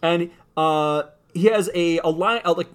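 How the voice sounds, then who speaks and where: A man's voice: fairly high pitch, a little slow, smooth. A man co-hosting a casual comic-book podcast, retelling the story with swearing and spoken sound effects. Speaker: podcast co-host.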